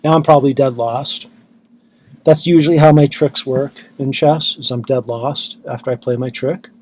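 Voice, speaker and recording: A tired man giving self-mocking, deadpan commentary on his own blitz chess games. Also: medium pitch, moderate pace. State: exhausted. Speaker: chess channel host.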